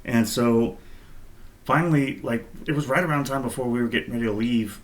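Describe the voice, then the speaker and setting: A man co-hosting a podcast, telling stories in a relaxed, rambling way with lots of fillers. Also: medium pitch, a little fast. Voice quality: laid-back, rambling with many fillers. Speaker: podcast co-host. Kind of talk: casual storytelling chat.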